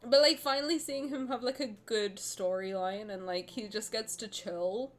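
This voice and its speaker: A woman's voice: a little high, normal speed. A woman streamer reads a game story aloud and reacts to it with effusive, emotional chatter. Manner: effusive, emotional, laughs often.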